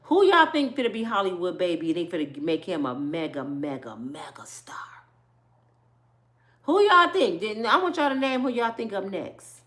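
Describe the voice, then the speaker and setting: A woman ranting about celebrity gossip to her viewers, animated and profane, quizzing them with rhetorical questions. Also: mid-range voice, a little fast, hardly any pauses. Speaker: vlogger.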